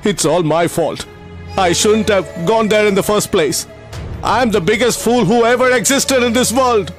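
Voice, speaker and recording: An actor dubbing a gentle, caring male teacher who talks in an emotional, pleading way. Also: high-pitched, measured pace, soft background music. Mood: bitter. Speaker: teacher running a school for poor children. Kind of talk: dubbed film acting.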